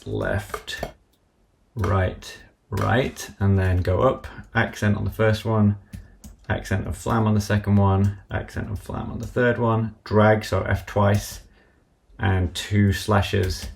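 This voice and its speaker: Gravelly-voiced man walking through a tutorial. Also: lowish voice, darkish tone. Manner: methodical, talks through each step as he works. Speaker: app developer demonstrating software. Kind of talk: live-streamed software tutorial.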